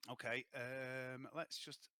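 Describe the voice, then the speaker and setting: A man's voice: medium pitch, level tone, takes it slowly, sharp tone, no room sound. A man casually running a tabletop role-playing game, hesitant with many ums and given to swearing. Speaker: game master.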